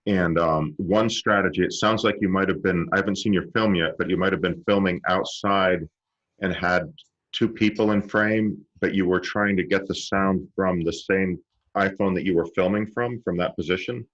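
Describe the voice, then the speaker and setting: Man, film teacher, online lesson, very low voice, halting demonstrations, directional mic. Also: steady tone, fairly bright tone, muffled recording. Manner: explains by live demonstration, halting restarts. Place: room with a cluttered table. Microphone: directional microphone.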